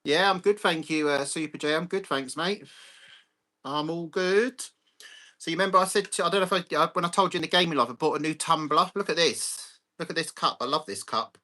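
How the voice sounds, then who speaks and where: Male livestream host, somewhat high and bright, chatty and blunt, phone mic. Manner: chatty, greets viewers by name, blunt with swearing. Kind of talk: casual live chat with viewers.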